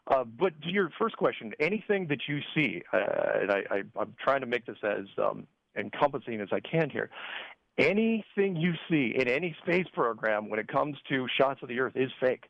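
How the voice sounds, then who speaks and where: Excitable man on a dull phone line. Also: on the high side, brisk, vocal fry, dry recording. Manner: animated, excitable, stumbling restarts. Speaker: guest. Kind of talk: call-in radio interview.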